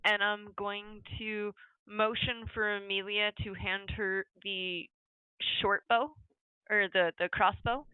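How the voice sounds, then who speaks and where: A woman's voice: medium pitch, level tone, slow pace, smooth, no echo. Woman player over dry lo-fi call audio. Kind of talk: casual tabletop game play. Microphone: online call.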